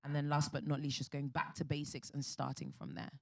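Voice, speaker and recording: A woman with a somewhat low voice speaks on a conference panel. She tells her own story candidly, in an earnest and emphatic way. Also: flat delivery, a little fast, gravelly. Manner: earnest, emphatic, faith-filled.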